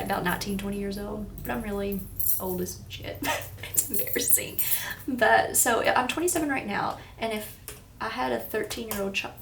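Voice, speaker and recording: A woman's voice: mid-range voice, vocal fry, background noise. A woman in her twenties with a Kentucky accent, rambling and giggling as she vlogs casually to the camera with a runny nose. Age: 20s. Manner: rambling, giggly, self-deprecating. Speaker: vlogger. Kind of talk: casual talking-to-camera vlog.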